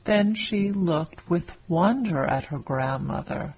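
A woman reading a fairy tale aloud as a storyteller, slow and deliberate. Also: sits low, expressive, vocal fry, a little mellow, slightly rough, highs cut off.

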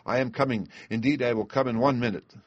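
Man voicing a frantic young wife, raised pitched pleas, dry close sound. Storybook reading. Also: fast talker, dry recording, highs cut off, natural voice. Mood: pleading. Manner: desperate, pleading. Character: terrified pleading young wife.

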